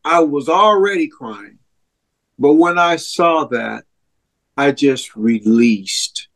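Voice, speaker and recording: A man's voice: on the high side, expressive, a bit bright. A man telling his personal testimony as an interview guest, earnest and heartfelt. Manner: earnest storyteller, slow and heartfelt. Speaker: interview guest, ministry co-founder.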